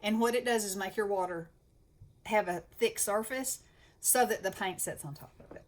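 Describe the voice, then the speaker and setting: A woman's voice: mid-range voice, normal speed. A woman with a Southern US accent chatting enthusiastically as host of a craft channel. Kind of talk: casual chat.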